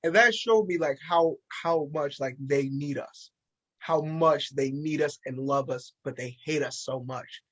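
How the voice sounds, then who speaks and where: A man co-hosting a casual podcast chat, animated and acting out quotes in a raised voice. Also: fairly high pitch, unhurried, highs cut off. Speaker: podcast co-host.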